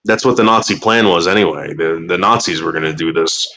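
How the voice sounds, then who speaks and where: A man with a fairly low voice talks casually to his livestream chat, rambling from one thought to the next. He swears freely and stumbles over the first words of his sentences. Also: fairly quick, bright, forceful tone. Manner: profane, rambling, repeats words when starting sentences.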